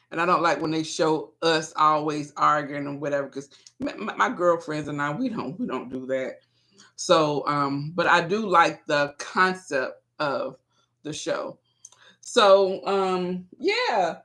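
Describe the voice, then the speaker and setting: A woman's voice: fairly low pitch, fairly bright tone. Chatty woman vlogger talking to viewers. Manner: chatty, rambling, addresses viewers directly. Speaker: vlogger hosting her own channel. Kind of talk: casual chat with viewers.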